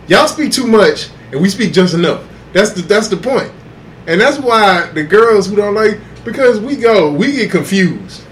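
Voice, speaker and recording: A man co-hosting a podcast in casual chat, animated and profane, laughing often. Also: high-pitched, a little hiss or hum. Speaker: podcast co-host.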